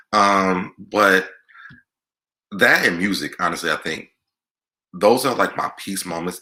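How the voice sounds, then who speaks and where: Very deep-voiced with a sharp, bright edge, the host of a casual Q&A vlog chats openly through viewers' questions. His delivery remains relaxed and conversational from start to finish.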